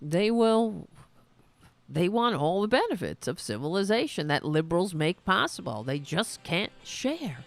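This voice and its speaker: A woman's voice: on the low side, very animated, measured pace, no echo. Sarcastic New York woman host. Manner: blunt, sarcastic, scornful. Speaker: podcast host. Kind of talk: opinionated commentary on clips.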